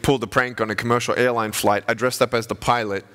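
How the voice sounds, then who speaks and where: A man in his thirties giving a humorous chapel talk as an evangelist, telling stories with lively swings in pitch. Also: fast, very noisy. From Australia. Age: 30s. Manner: animated storyteller with jokes and wide pitch swings. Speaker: evangelist speaker. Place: chapel audience hall.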